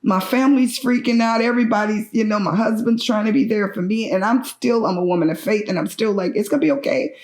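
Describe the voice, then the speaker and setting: A middle-aged woman giving emotional personal testimony as a bereaved mother, earnest and halting, her voice breaking with grief. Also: medium pitch, a little mellow, echoey room.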